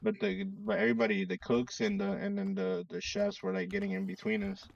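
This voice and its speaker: A man spins a story among friends, acting out every quoted line. His voice is gravelly and swings up and down, a touch high. He sounds distant and dull, like a lo-fi mic across the room. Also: very animated, brisk. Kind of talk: casual chat.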